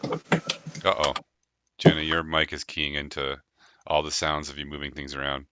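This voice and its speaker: A man hosting a live tabletop game stream as game master, talking casually with quick laughs and rambling restarts. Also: very deep voice, little pitch movement, heavy background noise.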